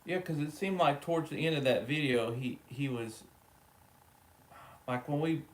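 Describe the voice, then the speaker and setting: A man's voice: fairly high pitch, moderate pace. A man, co-hosting a casual live stream and chatting and joking with viewers by name.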